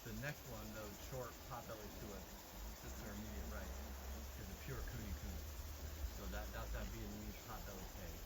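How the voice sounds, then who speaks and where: A man giving a farm tour, explaining in a relaxed, rambling way full of fillers, recorded outdoors among animals. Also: on the low side, brisk, heavy background noise. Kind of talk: casual explanatory chat.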